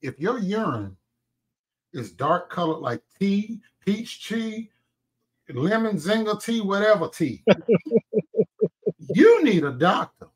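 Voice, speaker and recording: A man co-hosting a casual commentary show, given to loud laughing fits and mock prayers. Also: high-pitched, lively intonation, takes it slowly, pauses often, breathy edge. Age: older. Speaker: co-host.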